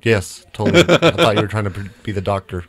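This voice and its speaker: A sick man co-hosts a comedy podcast in a playful, goofy way. His voice sits low but swoops up and down a lot as he jokes. The cold keeps his voice rougher and lower than usual. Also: lively intonation, fast, a bit bright. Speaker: podcast co-host. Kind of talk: casual comedic banter. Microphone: studio mic with pop filter.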